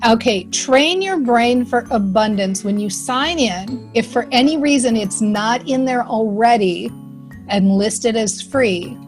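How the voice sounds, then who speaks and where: A woman giving an upbeat, chatty self-help presentation to a live online audience, full of "like" and quick asides. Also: on the high side, animated, faint music behind. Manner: upbeat, chatty, lots of fillers and likes.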